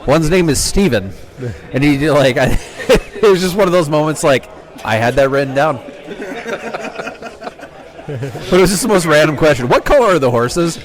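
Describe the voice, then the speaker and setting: A man's voice: on the high side, expressive, moderate pace, pauses often. A man on a live panel who tells jokey anecdotes about his games and swears casually. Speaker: veteran dungeon master guest.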